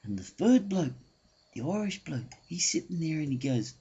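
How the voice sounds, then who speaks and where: A man telling a joke in a halting, animated way with many restarts, in a dull lo-fi home recording. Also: on the high side, slightly rough. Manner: animated, halting, full of restarts and changing voices. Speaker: joke teller.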